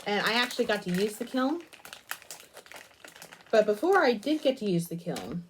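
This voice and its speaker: Working on clay, this young crafting host drifts between her task and a lengthy story from her childhood, dropping asides about what she's making. Her mid-range voice swings widely in pitch at a normal speed, against slight background noise.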